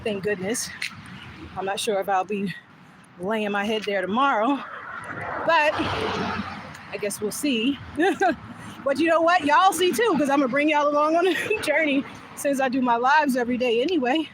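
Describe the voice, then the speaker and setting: A woman's voice: high voice, moderate pace, pauses often, noisy background. A woman vlogging while walking outdoors, telling an emotional story in a casual way, laughing often and sometimes dropping to a whisper. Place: outdoors, walking back from voting.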